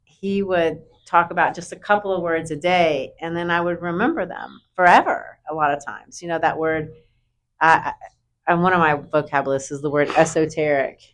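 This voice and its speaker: Chatty woman teacher, lowish voice. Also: normal speed. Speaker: high school English teacher. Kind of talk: casual interview chat.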